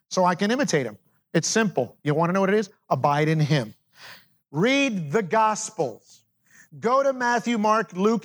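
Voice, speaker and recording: High-voiced middle-aged pastor man preaching, emphatic, drops low for asides. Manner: emphatic, shifting between loud declarations and low asides. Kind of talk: sermon.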